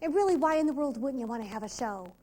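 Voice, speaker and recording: Woman sales trainer, high voice, punchy and emphatic, pitches her tips to a convention crowd. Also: animated, fast talker, mellow. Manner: emphatic, asks the audience rhetorical questions. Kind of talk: motivational sales training talk. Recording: 2002 VHS convention tape.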